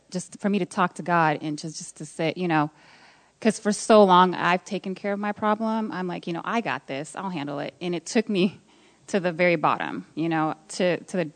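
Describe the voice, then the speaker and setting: A woman sharing a personal faith testimony, nervous and emotional, speaking softly with halting restarts. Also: lowish voice.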